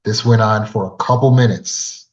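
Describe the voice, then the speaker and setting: Low-voiced man teaching about trauma. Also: steady tone, normal speed. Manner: earnest, addresses listener directly with rhetorical questions. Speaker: trauma recovery coach. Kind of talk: storytelling lesson to camera. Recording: dull lo-fi sound.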